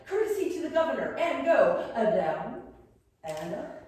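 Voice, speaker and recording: Speaking in a sing-song, a little mellow voice that is fairly high and swoops a lot, a costumed interpretive guide plays a colonial-style academy headmistress at a moderate pace. She stays in character for a living-history lesson, guiding a class through bows and dance steps with prim, genteel instruction and a playful side. A far camera records her in a very echoey room with a faint hum, her voice distant from the mic.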